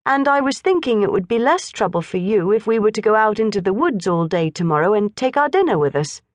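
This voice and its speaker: A woman voicing a clever, smooth-talking English schoolboy who sounds earnest and overly polite. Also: medium pitch, very animated, a little fast, no room sound, pitched above the performer's own voice, natural voice. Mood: ingratiating.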